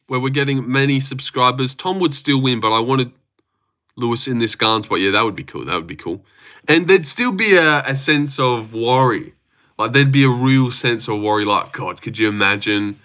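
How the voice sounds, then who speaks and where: A man's voice: mid-range voice, moderate pace, sharp tone. A man chatting casually on a livestream, rambling, swearing freely and reading out chat messages. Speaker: livestream host.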